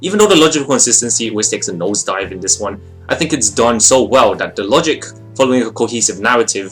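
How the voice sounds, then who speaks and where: A young man giving a casual, rambling video review of a friend's short film, expressive and full of fillers. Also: mid-range voice, fast, hardly any pauses, faint music behind.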